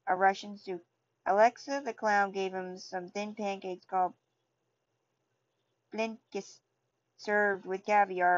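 A woman reading a storybook aloud, halting and restarting over words. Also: mid-range voice, no room sound. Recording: dull lo-fi recording.

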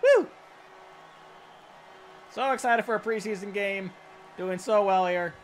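High-voiced, excitable male gamer. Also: slow pace, slight background noise. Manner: excitable, self-deprecating, talks to the screen. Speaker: gamer playing a hockey career mode. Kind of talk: excited let's-play commentary.

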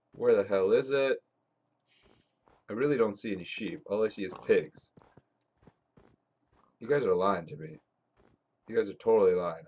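A man streaming a game live, talking to his chat and swearing often as he grows frustrated. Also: lowish voice. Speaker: gaming streamer. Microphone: desk mic. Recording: slightly dull lo-fi stream audio.

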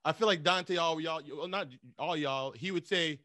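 A male podcast host chatting casually with a guest, relaxed, often answering with "right, right.". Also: a little high, normal speed, no echo, studio quality. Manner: relaxed, frequent "right, right" acknowledgements.

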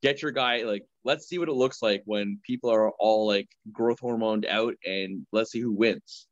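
A man's voice: on the low side, moderate pace, dry recording, dull audio. A man as a guest on a podcast, chatting casually and rambling with many fillers. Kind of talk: casual chat.

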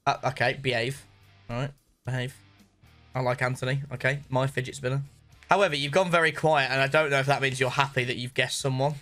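A man's voice: medium pitch, level tone, a little fast, pushed and bright, soft background music. A man hosting a casual football video game chat, jokey and calling his guest "mate". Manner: chatty, jokey, says "mate" a lot. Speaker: gaming channel host.

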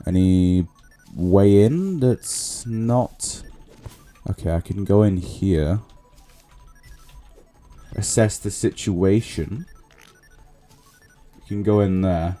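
A man with a low, mellow voice speaks slowly as he plays a video game. He keeps up a muttered running commentary for his viewers over faint background music. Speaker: gaming channel host. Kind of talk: casual let's-play commentary.

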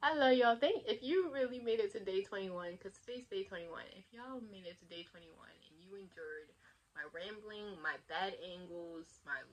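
A woman's voice: mid-range voice, moderate pace. A young woman vlogging to camera in casual, rambling chat, laughing often and talking with lots of fillers.

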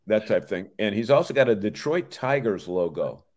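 A man's voice: fairly low pitch, animated, fairly quick, darkish tone. A man co-hosting a casual show over a video call, joking and rambling with restarts. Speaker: co-host. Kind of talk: casual chat.

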